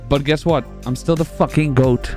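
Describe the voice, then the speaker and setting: A young man streaming live, excited and out of breath from laughing, swearing freely as he celebrates. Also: a little high, normal speed, over music. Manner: excited, profane, laughing between lines. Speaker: speedrun streamer.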